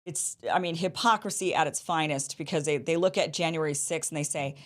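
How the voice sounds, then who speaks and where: A woman with a fairly low voice hosts a political commentary show. She talks in a sarcastic, mocking way. She is lively and drifts into sneering asides. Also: brisk. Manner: animated, with mock voices of opponents. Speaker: show host.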